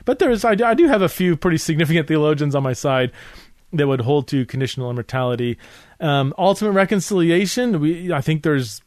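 A man's voice: fairly high pitch, a little fast, a little mellow, no echo. A man hosting a podcast, explaining theology in a casual, earnest monologue full of fillers and restarts. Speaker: podcast host teaching theology. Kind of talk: casual spoken teaching monologue.

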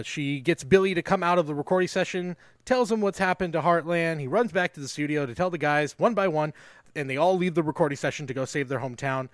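A man's voice: fairly high pitch, no echo, clean studio sound. A young man co-hosting a podcast, recapping a movie in casual, sarcastic chat and swearing now and then. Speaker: podcast co-host.

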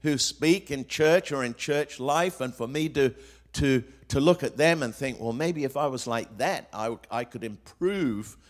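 A man's voice: medium pitch, unhurried. A man preaching a sermon to a congregation, asking rhetorical questions and weaving in quotes, with frequent fillers and restarts. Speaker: pastor.

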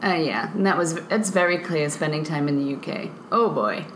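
A woman's voice: deep voice, animated, normal speed. A woman in her late twenties chatting as a daughter with her mother, laid-back and teasing, laughing often. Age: late 20s. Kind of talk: casual chat on a call. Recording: echoey room with faint noise.

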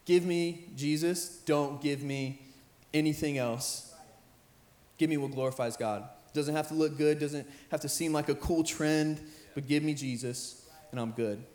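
A young man, a high school pastor, preaching an earnest sermon that repeats phrases and builds in intensity. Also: fairly even intonation, a little slow, darkish tone. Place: church sanctuary with band playing behind. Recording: roomy church hall with live music.

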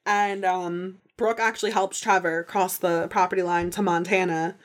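A woman hosting a podcast, recapping a TV episode in casual chat, excitable and full of "like", sometimes acting out what the characters say. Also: lowish voice, moderate pace. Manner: chatty and excitable, heavy use of "like", acts out characters' lines. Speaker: podcast host.

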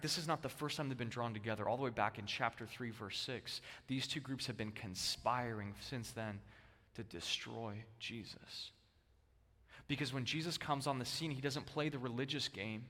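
A male pastor preaching a sermon, with emphatic stress that swings between loud bursts and hushed, low lines. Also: brisk. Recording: long hall reverb.

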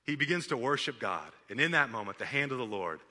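A man preaching a sermon in a church auditorium, animated and conversational with playful asides. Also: mid-range voice, fast. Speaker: pastor. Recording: long reverb of a large hall.

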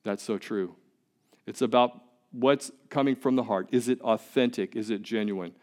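A man's voice: mid-range voice, normal speed, a little mellow. A pastor giving a sermon in a conversational, emphatic way, often repeating words as he goes.

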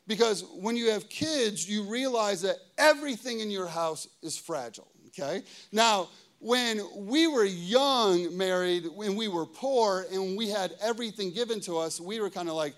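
A middle-aged pastor with a fairly high voice gives a sermon in a loose, chatty way. He tells family stories and keeps checking in with his listeners. Between anecdotes his pitch and volume swing up and down. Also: a little slow, hardly any pauses. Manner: casual, conversational, lots of "okay?" and "right?" checks with the audience; animated storytelling, pitch and volume swinging widely.

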